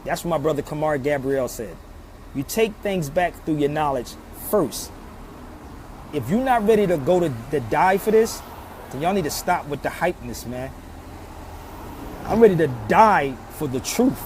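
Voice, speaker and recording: Traffic rumbles clearly as a Philadelphia commentator for social media holds forth in the open air, animated and preachy, returning to the same pleas repeatedly. He speaks at normal speed in a slightly high voice with a darkish tone.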